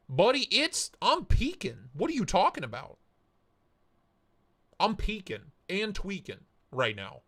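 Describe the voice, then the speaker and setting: A male livestream host with a bright, ringing voice that bounces up and down in pitch. He talks casually into his streaming setup and greets viewers by name with playful, jokey shout-outs. His voice sits a touch higher than most men's. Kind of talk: casual live-stream chat.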